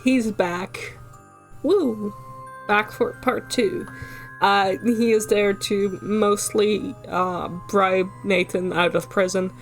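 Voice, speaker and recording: A woman's voice: medium pitch, fairly even intonation, slow pace, soft background music. A woman with a Dutch accent, casually recapping a story as a streamer, sweary and full of fillers and laughs.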